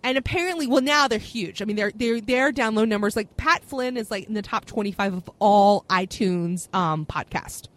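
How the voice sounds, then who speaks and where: A young adult woman, a podcast host, telling a long story in casual chat, animated and full of fillers. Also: medium pitch, moderate pace, hardly any pauses. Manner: chatty, animated storyteller with frequent fillers and laughs. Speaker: podcast host, being interviewed.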